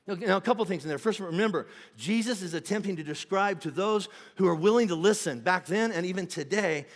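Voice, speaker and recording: A man preaching a sermon as pastor, conversational and animated, with asides and self-corrections. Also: sits high. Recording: long hall reverb.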